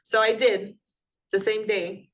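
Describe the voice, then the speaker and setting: A woman's voice: mid-range voice, flat delivery, takes it slowly. Woman lecturing a class conversationally. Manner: conversational, poses questions to the class. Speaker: instructor.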